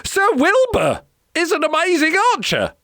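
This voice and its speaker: A woman's voice: extremely high pitch, wildly swooping pitch, measured pace, dry recording, studio quality, pitched above the performer's own voice, exaggerated voice. A woman voicing a playful, cheeky witch in a children's storybook, speaking in a raised, sing-song voice. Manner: bright, sing-song, sometimes whispering.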